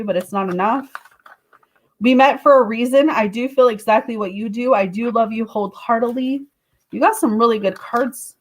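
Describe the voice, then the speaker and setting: Tarot reader, woman, fairly high voice, chatty live-stream delivery with bursts of excited squeals. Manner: expressive, with sudden high exclamations; chatty, talks straight to viewers.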